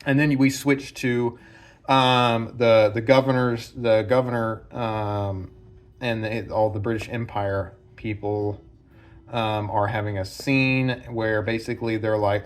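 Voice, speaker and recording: A man's voice: on the low side, steady tone, slow. Rambling man breaking down a film. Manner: loose and rambling, many fillers and restarts. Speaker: film analysis host. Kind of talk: casual spoken film breakdown. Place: home room with branches hitting the roof.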